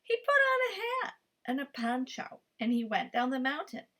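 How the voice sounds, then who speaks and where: A woman reading a picture book aloud as a storyteller, expressive and animated. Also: high voice, normal speed, noisy background.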